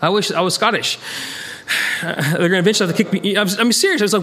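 An American man leading a Bible study, talking it through casually with lots of restarts and sudden bursts of emphasis. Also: brisk. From United States. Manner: animated, rambling, self-interrupting, jumps in pitch for emphasis. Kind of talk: conversational Bible teaching.

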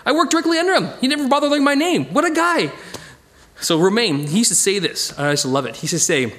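Man, Bible study teacher, casual teaching, digressive, chuckling, very lively delivery. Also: very high voice, fast.

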